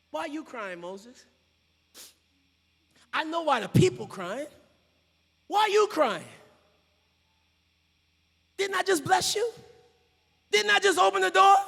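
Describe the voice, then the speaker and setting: A man preaching in the voice of God, a commanding deity who chants his lines in fervent repetition, in a very high, bright, edgy voice. Long church reverb rings after every phrase. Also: vocal fry, heavily acted.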